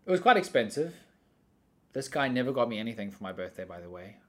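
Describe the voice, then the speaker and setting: Young man chatting in animated, rambling bursts. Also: medium pitch, quick pace. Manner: rambling, animated storytelling that often breaks into laughter. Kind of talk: casual chat.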